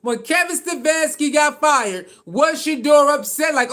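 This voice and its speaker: Brief: very high-pitched male sports commentator, heated and slangy, hammering the same points over and over. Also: animated, slow, sharp tone. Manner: heated, slangy ranting with repetition. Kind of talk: reaction commentary on a clip.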